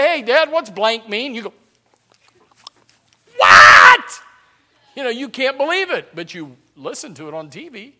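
Folksy, bright-voiced preacher man. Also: extremely high pitch. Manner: rambling, folksy storytelling with many restarts. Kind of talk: sermon.

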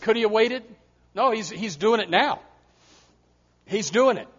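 A middle-aged male pastor preaching a sermon, swinging from soft asides to loud, repeated appeals. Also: sits high, animated, measured pace, dull audio.

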